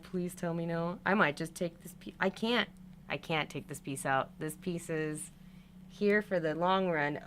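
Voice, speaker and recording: The voice is a young woman's, pitched on the high side, with a little hiss or hum in the recording. As a doll hobby vlogger, she chats casually on a livestream while restringing a doll, describing each step and exclaiming when frustrated.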